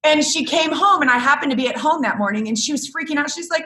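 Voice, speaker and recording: A middle-aged woman with a bright, forceful voice tells family stories in a relaxed interview. She is an animated storyteller who laughs often, and her pitch sits a little high. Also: fast talker. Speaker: guest, business coach for photographers. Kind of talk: casual interview chat.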